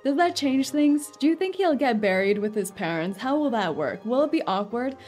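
A woman's voice: fairly high pitch, animated, normal speed, darkish tone, soft background music. A woman streaming a game in casual chat, playful and rambling, with frequent giggles. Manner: giggly, laughs often between thoughts.

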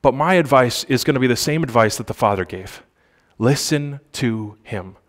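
Brief: a male pastor giving a chatty church sermon, mid-pitched voice, reads scripture slowly. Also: expressive. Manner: conversational, asks the congregation for responses; reads scripture aloud with slow emphasis.

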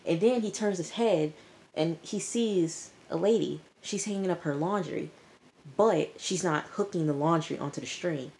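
A woman giving a chatty, animated recap of a TV episode to her viewers, talking to them directly. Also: on the low side, moderate pace, slight background noise. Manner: chatty, animated storytelling, addresses viewers as y'all. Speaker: TV episode reviewer. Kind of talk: casual recap vlog.

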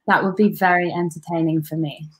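A young woman from London with a British accent co-hosting a casual live webinar, relaxed, with brief replies. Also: on the low side, brisk. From London, England. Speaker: webinar co-host.

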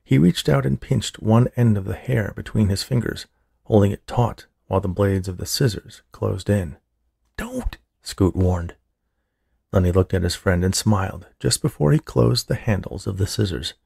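A man narrating a horror story in a steady, measured way. His voice sits low, with heavy gravel and a husky edge. The sound is dry and close. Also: no echo. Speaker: audiobook narrator.

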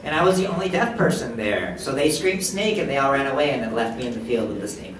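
A man's voice: mid-range voice, animated, quick pace. A man voicing a deaf presenter's signed story in first person as a live interpreter, with short restarts. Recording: echoey hall, distant mic, background noise.

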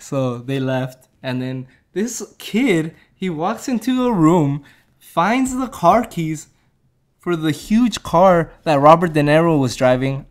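A man's voice: medium pitch, measured pace. A man casually reviewing a movie, retelling the plot in a rambling way, laughing and correcting himself as he goes.

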